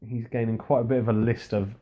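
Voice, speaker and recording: A man's voice: mid-range voice, level tone, fast, dark tone. A man co-hosting a casual wrestling recap, laid-back and dry, rambling through the show's events. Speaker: podcast co-host.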